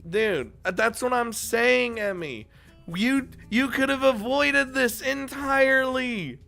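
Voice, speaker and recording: A man reading a visual novel aloud with excitable, swearing commentary, often breaking off mid-sentence. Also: very high voice, takes it slowly, gravelly, soft background music. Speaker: video game let's player.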